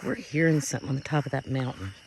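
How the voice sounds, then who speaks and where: A vlogger in a rural yard at night, puzzled and talking in hushed bursts into a handheld phone. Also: medium pitch, animated, fast, creaky, a little hiss or hum, low-quality recording. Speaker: vlogger investigating sounds. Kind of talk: casual outdoor vlog. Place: outdoors at night in a rural yard by a wooded ridge.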